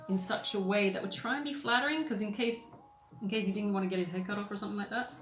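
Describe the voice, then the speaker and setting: A woman's voice: mid-range voice, a bit bright. A woman hosting a podcast, talking in a blunt, sweary, sarcastic way with plenty of ums. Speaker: podcast host. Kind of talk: casual opinion monologue while painting. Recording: roomy echoey room sound.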